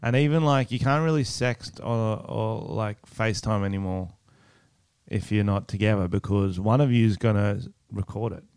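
A man's voice: fairly low pitch, normal speed, a little mellow, smooth, dry recording. A man co-hosting a podcast, chatting casually and ranting bluntly with lots of swearing. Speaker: podcast co-host. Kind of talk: casual chat.

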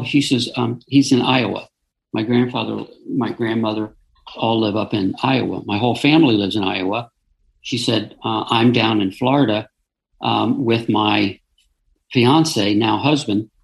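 A middle-aged man, an interview guest, telling a personal story in an earnest, halting way with frequent restarts. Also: mid-range voice, gravelly, low-quality recording.

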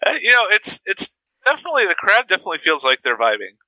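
Very bright-toned man chatting about films. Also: high-pitched, huge pitch swings, fast talker, dry recording, poor audio. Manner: loose, opinionated, swears casually. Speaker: podcast co-host. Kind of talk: casual movie discussion.

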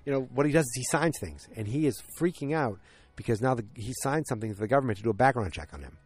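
A man's voice: mid-range voice, animated, fast, breathy edge, dry recording. A man casually recapping a TV episode, rambling with many fillers and restarts, and speeding up at the tense parts. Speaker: TV show recapper.

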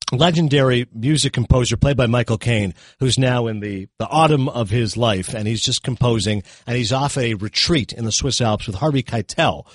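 A man's voice: medium pitch, dry recording. Chatty man reviewing films, dry sound. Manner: chatty, animated, quick asides and self-corrections. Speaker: film reviewer on a talk show. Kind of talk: casual film review chat.

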